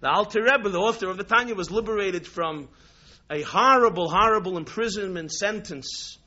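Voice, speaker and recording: Rabbi from New York, storytelling sermon, high bright voice. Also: male voice, normal speed, dull audio. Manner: animated, repetitive storytelling with restarts.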